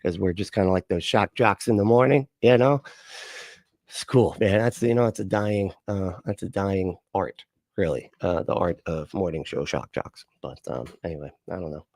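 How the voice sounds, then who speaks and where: A man with a low voice hosting a casual livestream, rambling and joking as he swears freely. The sound is dry and close, with no room behind him. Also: moderate pace, darkish tone, no room sound. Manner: rambling, joking, swears a lot, laughs often. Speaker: livestream host reacting to videos. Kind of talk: casual profane livestream chat.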